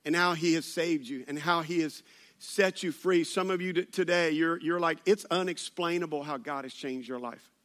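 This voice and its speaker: Bright, high-voiced pastor preaching. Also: male voice, normal speed. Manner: animated storytelling with playful asides. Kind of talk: sermon.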